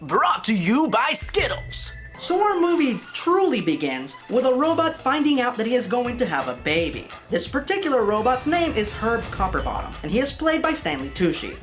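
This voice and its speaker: Female film reviewer, dry sarcasm, animated pitch, light music bed. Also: fairly quick, hardly any pauses. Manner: sarcastic, exasperated. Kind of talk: comedic review narration.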